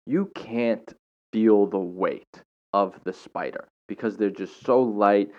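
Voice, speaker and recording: A very low-voiced young man spins a casual story, dramatic and full of slang. The sound is dull and lo-fi. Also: slow. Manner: animated, slangy, dramatic retelling. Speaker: teacher. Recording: dull lo-fi recording.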